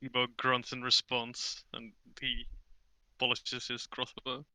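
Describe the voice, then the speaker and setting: A man plays a gruff character in a tabletop game with dry, deadpan delivery. His voice is very bright and smooth. The sound is dry. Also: mid-range voice, slow pace, dry recording. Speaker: player. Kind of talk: casual tabletop role-play.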